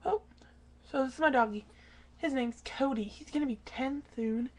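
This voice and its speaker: A teenage girl chatting to her dog in front of a webcam at home late at night, often dropping to a hushed half-whisper and swearing casually. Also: sits high, normal speed.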